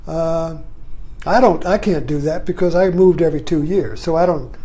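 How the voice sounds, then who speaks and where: A man's voice: on the high side, moderate pace, warm tone. An older man giving a rambling, reflective monologue, often adding "you see" as he thinks aloud. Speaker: vlogger. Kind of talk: musing monologue.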